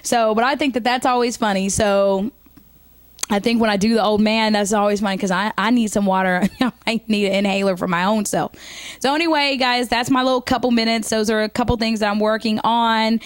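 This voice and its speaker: A woman in her thirties telling comic stories to camera in a chatty, animated way with lots of fillers. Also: on the high side, a little fast, dry recording. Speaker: comedian. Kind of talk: stand-up comedy monologue to camera.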